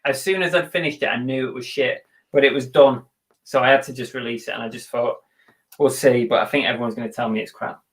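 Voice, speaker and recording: An English man co-hosts a live reselling stream, chatting casually, poking fun at himself, and swearing now and then. His medium-pitched voice stays fairly even in intonation, and he talks fast.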